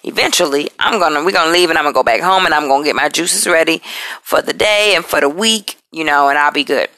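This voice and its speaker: A woman hosting a podcast, talking about personal struggles in an emotional, halting, apologetic way, and she is tired. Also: sits low, pushed and bright, dry recording. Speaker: podcast host. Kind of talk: personal confessional talk.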